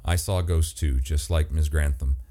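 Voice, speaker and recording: A man voicing a blunt, plain-spoken older man who speaks haltingly. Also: rumbling low, fairly even intonation, warm tone. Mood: gruff.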